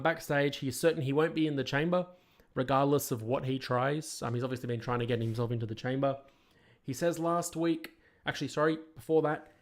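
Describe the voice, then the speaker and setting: Male podcast host, mid-range voice, opinionated and critical, casual rambling review commentary. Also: medium pitch.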